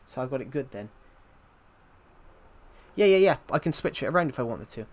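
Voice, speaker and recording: A man's voice: mid-range voice, very animated, fairly quick, a little hiss or hum. A young man chatting casually on a gaming livestream, rambling and correcting himself while answering chat.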